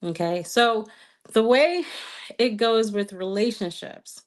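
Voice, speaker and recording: A woman's voice: a little high, lively intonation, slow. A woman with a slight accent coaching viewers in a live stream Q&A, earnest, repeating key phrases and often checking in with "okay?". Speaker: twin flame coach.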